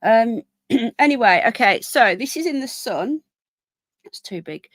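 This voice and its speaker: A woman's voice: a little high, animated, measured pace, no echo. A woman with a Birmingham accent, hosting a live stream in casual chat and reading out viewer comments. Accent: Birmingham English. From England. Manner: chatty, rambling, reads out viewer comments.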